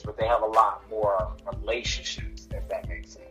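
A man appearing as a guest on a podcast, answering in animated, drawn-out casual chat. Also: on the low side, faint music behind, low-quality recording.

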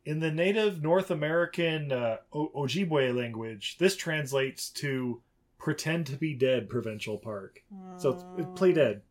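A man's voice: fairly high pitch, a little slow. A man co-hosting a casual movie podcast, joking around, laughing often and swearing freely. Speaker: podcast co-host.

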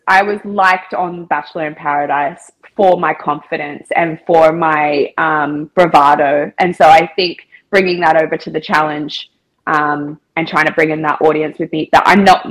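A woman's voice: low-pitched, steady tone, normal speed, poor audio. A woman chatting as a podcast guest, telling a story in a casual, chatty way, with lots of filler words and quoted dialogue.

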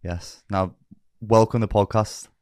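Male podcast co-host, Scouse accent, low voice, dry sound, jokey. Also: steady tone, a little slow, darkish tone, dry recording. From Northern England. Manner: joking, practising careful pronunciation. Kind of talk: casual chat.

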